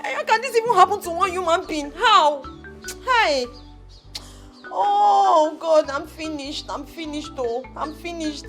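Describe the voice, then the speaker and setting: A distraught young Nigerian daughter whose very high voice pleads and wails. Film music plays clearly beneath her lines. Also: expressive, normal speed, bright, forceful tone, full character voice. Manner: wailing, emphatic. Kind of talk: Nollywood film acting.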